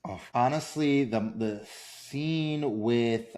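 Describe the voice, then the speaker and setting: Give me an enthusiastic man chatting as a podcast guest, gushing and halting. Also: mid-range voice, darkish tone. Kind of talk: casual movie podcast chat.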